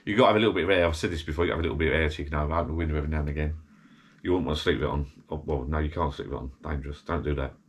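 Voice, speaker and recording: Deep-voiced tipsy man rambling. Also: racing, breathy edge. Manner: rambling, chatty, self-interrupting. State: slightly tipsy. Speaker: vlogger. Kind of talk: casual rambling chat to camera. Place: small garden shed bar, indoors. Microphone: camera.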